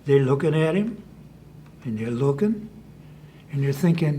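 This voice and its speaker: A man's voice: mid-range voice, animated, a little slow, pauses often, mellow, slight background noise. A man telling a folk tale in a folksy, conversational storytelling manner. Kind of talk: folk tale told to an audience.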